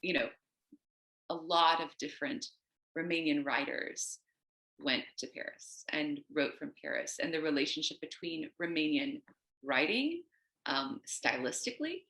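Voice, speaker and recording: A woman poet from the United States, a guest on a video call, talking in a discursive, animated way and wandering onto tangents. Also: sits low, measured pace, reverberant. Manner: animated, acts out quoted voices. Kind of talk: casual conversation.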